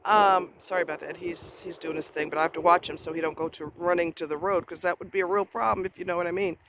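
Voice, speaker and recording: High-voiced man giving blunt outdoor advice. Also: steady tone, fast, bright, forceful tone, a little hiss or hum. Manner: emphatic, blunt and chatty, with offhand asides. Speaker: advice vlogger. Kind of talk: casual advice monologue. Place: outdoors near a road, minding a dog.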